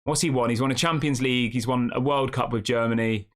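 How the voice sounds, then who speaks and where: A man's voice: medium pitch, steady tone, quick pace. A man hosting a fan channel live stream, rambling casually and reacting to the chat with rhetorical questions.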